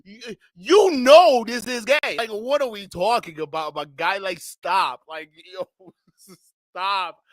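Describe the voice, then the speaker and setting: High-voiced guy reacting to a clip, laughing and yelling, cussing a lot, bright dry sound. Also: slow pace, dry recording. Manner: laughs loudly, shouts in disbelief, swears; blunt street slang, addresses viewers directly. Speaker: reaction video host. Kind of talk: reaction commentary.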